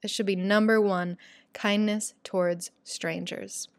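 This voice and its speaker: A young woman hosting a talk show, chatty and animated, retelling a story with quoted voices in casual storytelling. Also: mid-range voice, measured pace, no echo, studio quality.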